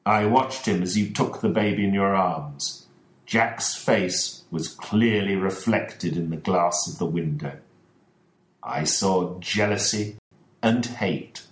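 A man voicing a calm, precise male detective in a storybook reading, explaining in a measured way. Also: low voice. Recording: echoey room.

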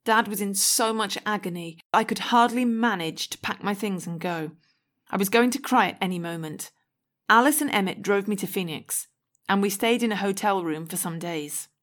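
A woman narrates a first-person story in a clear, measured reading voice. Her pitch sits in the middle range, and she paces the storytelling evenly. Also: a bit bright. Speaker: audiobook reader.

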